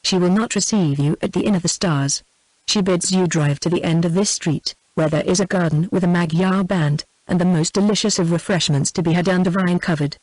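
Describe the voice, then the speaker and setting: A woman's voice: lowish voice, fairly quick, a little mellow, dry recording, natural voice, poor audio. A woman's synthetic text-to-speech voice reading the lines of a young French lady's maid in a storybook. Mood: plain.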